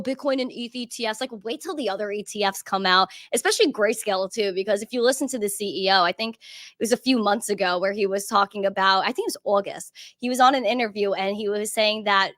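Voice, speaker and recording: A woman's voice: mid-range voice, fairly bright tone, dry recording. Upbeat American woman, dry sound. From United States. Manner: upbeat, heavy use of "like". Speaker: crypto news show co-host. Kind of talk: casual live-stream chat.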